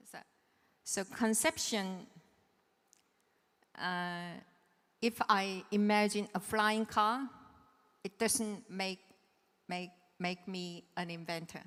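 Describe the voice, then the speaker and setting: A woman's voice: mid-range voice, fairly bright tone, clear, resonant tone. A woman presenting a technical lecture at a seminar, explaining step by step and checking in with her listeners. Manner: patient, checks understanding with "right?". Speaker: seminar presenter on patent law. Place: seminar hall. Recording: reverberant lecture hall.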